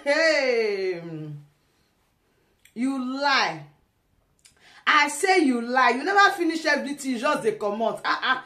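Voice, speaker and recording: A woman's voice: high voice, expressive, takes it slowly, pauses often, sharp tone, roomy sound. A woman with a Nigerian accent giving teasing, laughing commentary in casual pidgin.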